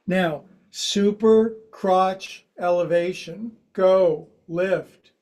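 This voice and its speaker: A man in his sixties leads a guided yoga class, giving instructions in a playful, joking, chatty way. His voice is high with a darkish tone, and he speaks extremely slowly.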